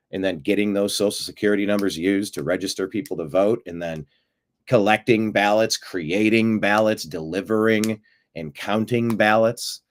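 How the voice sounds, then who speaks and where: A man hosting a live-streamed political commentary show, talking in an animated way with sarcastic asides and frequent fillers. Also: fairly low pitch. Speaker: host of a political news show.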